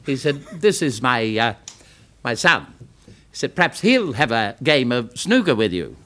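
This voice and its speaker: An Australian comedian in a laid-back, folksy way, telling a joke on a live TV show. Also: male voice, medium pitch, big pitch swings, moderate pace, pushed and bright. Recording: studio audience behind.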